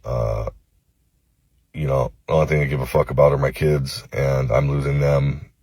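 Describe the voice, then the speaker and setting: A man from Los Angeles recording a phone-camera apology video, halting and cursing, with many pauses and fillers. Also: extremely low pitch, steady tone, gravelly, darkish tone, breathy edge, dry recording. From Los Angeles, United States. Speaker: vlogger.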